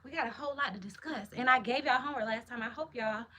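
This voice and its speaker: Bright hyped-up woman streamer. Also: a little high, fast. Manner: hyped, slangy, chatty. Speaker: livestream host. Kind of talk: casual live chat answering comments.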